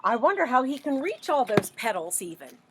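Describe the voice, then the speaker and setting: A woman librarian reading a picture book aloud to children, animated and asking them questions as she goes. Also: fairly high pitch, brisk, noisy background. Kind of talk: children's story read-aloud.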